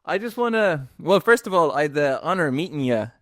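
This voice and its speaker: Irish man, podcast host, relaxed slangy chat, dry close sound. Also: on the high side, fairly quick, no echo. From Ireland. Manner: laid-back, slangy, chatty with lots of fillers. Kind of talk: casual podcast interview.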